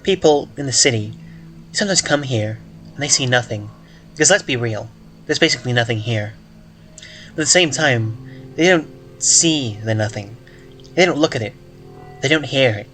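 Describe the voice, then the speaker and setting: A man voicing a calm, eerie child figure in a slow, pointed delivery. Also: mid-range voice, faint music behind, lightly acted.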